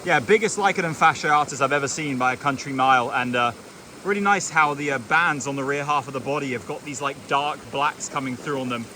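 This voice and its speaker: Young man, vlog host, bright tense voice, excitable casual commentary, outdoors at night, faint noise, crickets behind. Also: medium pitch, fairly quick. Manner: excitable, chatty, swears casually. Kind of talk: casual on-the-spot field commentary. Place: outdoors at night by a forest stream.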